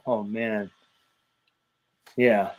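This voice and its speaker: A man's voice: on the low side, flat delivery, extremely slow, crowd noise. A man hosting a casual podcast chat, swearing freely and goading a viewer in a ranting, profane way. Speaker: podcast host.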